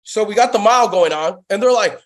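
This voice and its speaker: Hyped, swearing salesman, high voice. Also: lively intonation, brisk. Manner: profane, hyped storytelling, lots of "bro". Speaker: guest, sales company founder. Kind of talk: casual podcast interview.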